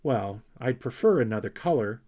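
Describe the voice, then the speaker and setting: A man's voice: mid-range voice, lively intonation, normal speed, warm tone, close to an everyday voice. A man voicing an earnest, orderly young boy creature who speaks precisely, in a storybook reading.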